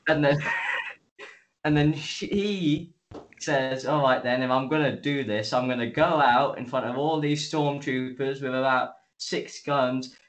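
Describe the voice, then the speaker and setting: A man's voice: mid-range voice, unhurried, low-quality recording. A man co-hosting a podcast, casually retelling a show's episode with acted-out quotes and frequent swearing. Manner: animated retelling, acts out quotes, swears freely. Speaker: podcast co-host. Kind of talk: casual episode review chat.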